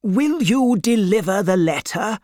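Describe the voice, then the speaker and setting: A man's voice: high-pitched, animated, a little slow, darkish tone, no room sound, studio quality, voice pushed up. A man voicing an elderly English banker of nearly eighty, earnest and concerned.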